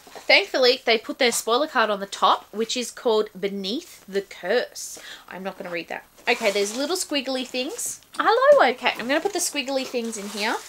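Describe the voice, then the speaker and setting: A woman reviewing a subscription book box, excitedly unboxing and gushing over each item in casual chat. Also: fairly high pitch, slight background noise.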